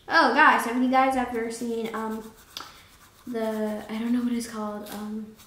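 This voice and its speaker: Woman, drawing teacher, chatty and rambling, high voice, unhurried, echoey room. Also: flat delivery, a bit bright, slight background noise. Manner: chatty, rambling, playful asides. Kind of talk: casual follow-along drawing lesson.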